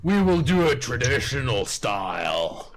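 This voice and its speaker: A man voicing a huge, boastful male ogre champion in a tabletop game, with slow, shouted declarations. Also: mid-range voice, very animated.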